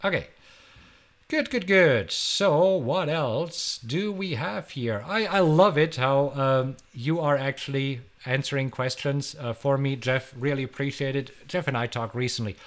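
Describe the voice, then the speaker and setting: A live-stream host, a middle-aged man from Germany, answers questions sent in by viewers. His German-accented voice is medium in pitch and unhurried, yet his manner stays energetic and talkative, with plenty of repeated words.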